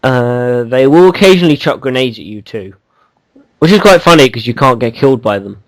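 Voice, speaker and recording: Guy on a home mic rambling through a gaming podcast, teasing, lots of ums, mid pitch, dry sound. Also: animated, a little fast, no echo, poor audio. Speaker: podcast co-host. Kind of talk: casual gaming podcast chat.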